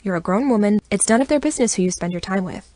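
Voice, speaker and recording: A woman's voice: mid-range voice, expressive, quick pace, a little mellow, a little hiss or hum, lightly acted. A woman voicing an exasperated young female friend who keeps the peace with bossy reassurance. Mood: calming.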